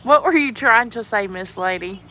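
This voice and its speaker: A woman's voice: on the high side, normal speed. A young adult woman with a childlike voice, chatting casually and giggling as she reads out viewer comments on a livestream. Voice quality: childlike, youthful-sounding voice. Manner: giggly, animated, laughs often. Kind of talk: casual live chat reading viewer comments.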